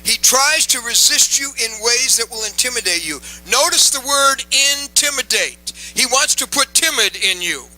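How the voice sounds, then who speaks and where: A man's voice: very high voice, animated, moderate pace, few pauses, pushed and bright, soft background music, low-quality recording. A man preaching a sermon to a live audience, emphatic and repeating key phrases, coaxing the crowd to respond.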